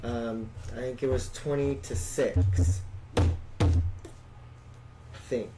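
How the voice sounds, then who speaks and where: A man's voice: medium pitch, slow, very noisy. A man chatting casually about football results, often unsure of the details. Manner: easygoing, hedging recaps. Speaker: podcast co-host. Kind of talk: casual chat about sports.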